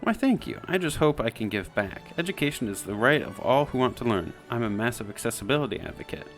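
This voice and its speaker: A man's voice: medium pitch, expressive, quick pace, faint music behind, natural voice. A man voicing a frail, genteel young woman student, speaking in a prim, formal, overly polite way. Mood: earnest.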